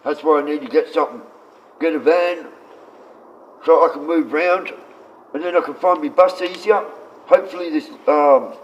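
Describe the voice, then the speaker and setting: A man who sounds sick, rambling and swearing on a live stream, his voice often sinking low and quiet. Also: normal speed, long pauses. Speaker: livestreamer. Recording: dull lo-fi stream audio.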